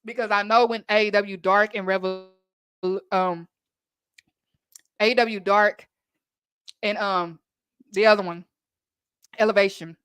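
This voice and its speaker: A woman's voice: mid-range voice, fairly even intonation, measured pace, long pauses, fairly bright tone, clear, resonant tone, no room sound. A woman from Texas with a Texan accent, hosting a casual wrestling recap podcast and chatting emphatically to listeners.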